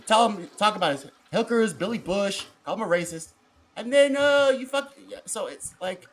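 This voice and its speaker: A man hosting a casual political talk show, ranting in an animated, profane way. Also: high voice, moderate pace. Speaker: podcast host.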